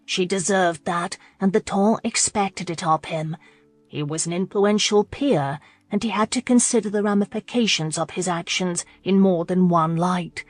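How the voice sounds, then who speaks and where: Lower-voiced woman narrating a romance audiobook. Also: normal speed, dry recording.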